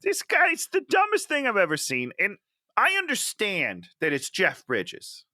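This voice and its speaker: Male co-host, bright and lively, sarcastic ranting, dry close sound. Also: high voice, unhurried, no room sound. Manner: animated, sarcastic, acts out quotes. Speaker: podcast co-host. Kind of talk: casual movie review chat.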